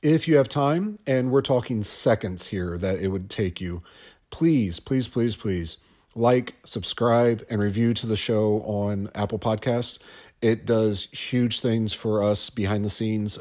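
A man's voice: on the low side, unhurried, darkish tone. A man guest-hosting a podcast, rambling through a scene-by-scene movie commentary with stammers, restarts and wry asides. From Ohio.

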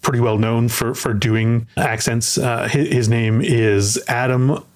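A man's voice: mid-range voice, steady tone, a little slow. A man hosting a podcast, chatting casually about a film and often repeating words as he thinks aloud. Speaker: podcast host.

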